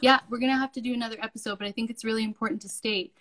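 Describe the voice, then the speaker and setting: A woman co-hosts a podcast and speaks up with earnest emphasis. Her voice sits a little above the usual for a woman, and she moves briskly toward wrapping up the show. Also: fairly high pitch, steady tone, a bit bright, rough recording. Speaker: podcast co-host. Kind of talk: podcast discussion and sign-off.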